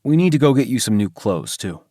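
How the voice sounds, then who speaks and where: A man voicing a calm, blunt male mafia enforcer in an audiobook, low and matter-of-fact. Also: brisk, dry recording, clean studio sound, natural voice.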